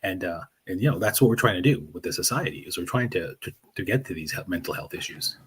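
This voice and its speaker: A man's voice: sits low, animated, fast, husky. A man from Fiji with a Canadian accent, speaking earnestly and passionately as a podcast guest, with many restarts. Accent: Canadian English. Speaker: podcast guest, heritage advocate. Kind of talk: conversational interview.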